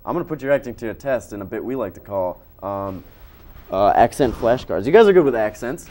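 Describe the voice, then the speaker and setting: Fast-talking young man hosting. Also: mid-range voice, lively intonation, mellow. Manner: joking, quick and rambling with fillers. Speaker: student news show host. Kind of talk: casual interview.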